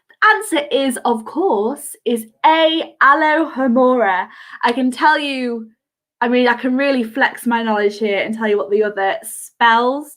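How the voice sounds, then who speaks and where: A woman's voice: a little high, a bit bright. A woman hosting a live online quiz from home, chatty and giggly, reading out answers in a sing-song lilt over a video call mic. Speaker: quiz host.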